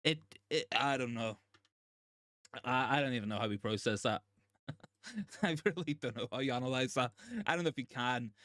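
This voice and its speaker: A male host giving live football watchalong commentary, excitable and shaken, stammering and repeating himself in disbelief. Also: medium pitch, moderate pace, long pauses, dry recording, studio quality. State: shaken and overwhelmed. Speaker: fan channel host.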